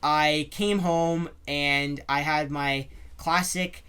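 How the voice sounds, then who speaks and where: A young man co-hosting a casual podcast, telling animated stories with many fillers and bursts of laughter. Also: a little high, slow pace, very noisy. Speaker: podcast co-host. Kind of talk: casual chat, storytelling.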